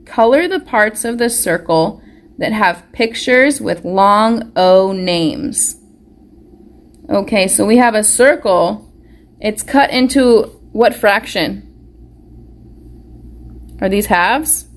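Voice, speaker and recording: A woman teaching a live online phonics lesson to young children, slowly sounding out words and praising them warmly. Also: mid-range voice. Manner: slow, encouraging, sounds words out carefully. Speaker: preschool teacher. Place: school or home classroom, live stream.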